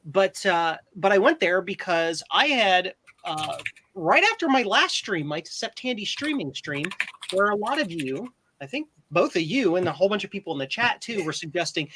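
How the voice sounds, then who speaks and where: A man's voice: sits high, very animated, normal speed, background noise. A man hosting a casual live stream, chatty and self-deprecating, with lots of fillers and restarts.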